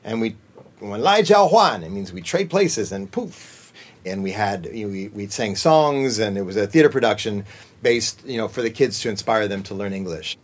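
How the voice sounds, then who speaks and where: A man's voice: on the low side, moderate pace. A middle-aged American man, a voice actor and children's singer, talking casually in an interview and jumping into character voices. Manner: animated, jumps into character voices and sung snippets.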